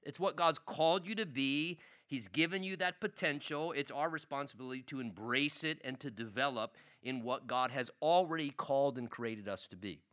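A man's voice: medium pitch, moderate pace, hardly any pauses, fairly bright tone. A middle-aged man teaching a church men's class, speaking emphatically and repeating key lines for stress.

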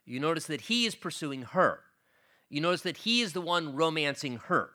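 A pastor giving an earnest expository Bible-teaching sermon, repeating himself as he explains and turning animated as he retells the scripture. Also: a little high, normal speed.

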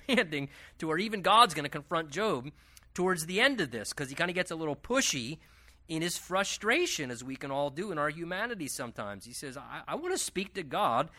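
Male pastor, Bible teaching, lively swooping delivery, slightly high voice, chatty asides. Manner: conversational and animated, with asides and quick self-corrections.

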